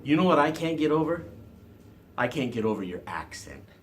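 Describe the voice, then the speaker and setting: A man's voice: a little high, sing-song, normal speed, slight background noise, pitched above the performer's own voice. A man voicing a chatty cheerful young woman. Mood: playful.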